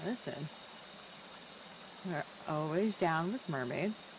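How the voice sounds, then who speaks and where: A woman's voice: low voice, slow, background noise. A young woman with an American accent, streaming and telling a story in casual chat, acting out the voices she quotes. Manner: animated, acts out quoted voices.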